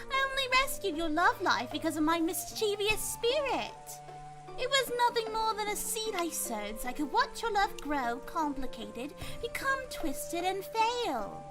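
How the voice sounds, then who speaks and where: A woman's voice: very high-pitched, exaggerated voice. A woman playing a teasing haughty witch. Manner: teasing, theatrical. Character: haughty, mischievous young female witch.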